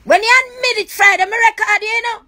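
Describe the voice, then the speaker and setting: Very high-voiced Jamaican woman. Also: steady tone, fast, pushed and bright. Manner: accusing, repetitive, raw and impassioned. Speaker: livestreamer. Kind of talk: emotional live-stream rant.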